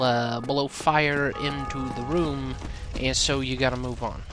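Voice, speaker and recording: Male gameplay commentator, unhurried and wisecracking, swears casually. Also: medium pitch. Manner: joking, sarcastic, swears freely.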